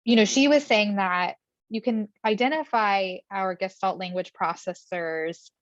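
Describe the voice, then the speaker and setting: A woman hosting a podcast interview, asking questions in a relaxed way with many fillers. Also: medium pitch, a little slow, no echo. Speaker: podcast host, speech-language pathologist. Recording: dull, dry remote mic.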